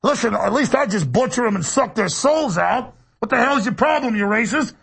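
A gravelly Brooklyn killer clown. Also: male voice, extremely high pitch, animated, normal speed, heavily acted. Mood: taunting. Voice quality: gravelly, husky. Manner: taunting, shouting rants, cackling. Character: menacing male killer clown with a Brooklyn accent. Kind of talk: comedic studio sketch.

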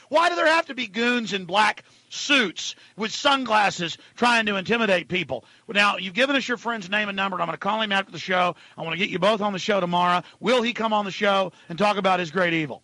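A male radio talk show host ranting at callers, dropping to a low mutter and then shouting. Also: a little fast, hardly any pauses, dry recording.

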